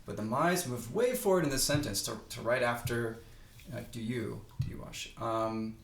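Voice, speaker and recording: A man's voice: medium pitch, moderate pace, vocal fry. Thoughtful man explaining Greek, roomy sound. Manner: thoughtful, hesitant, restarts mid-sentence. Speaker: Greek teacher. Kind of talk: explanatory podcast conversation.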